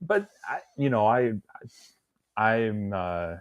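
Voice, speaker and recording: Low, dry-voiced Minnesotan man. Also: big pitch swings, takes it slowly, no room sound, highs cut off. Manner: hesitant, restarts often, wry. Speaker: co-host. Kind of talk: casual live-stream chat.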